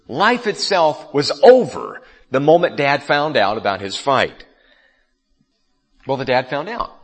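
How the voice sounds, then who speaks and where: A man's voice: fairly high pitch, fairly bright tone, husky. A man preaching a sermon as a pastor, telling a story in a conversational way and speaking straight to his listeners. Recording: long reverb of a large hall.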